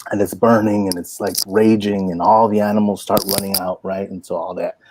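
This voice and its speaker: A man in his forties, a poet and workshop teacher, telling stories in an animated, folksy way full of "like" and "you know". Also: low-pitched, fairly quick, noisy background. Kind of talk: inspirational storytelling talk.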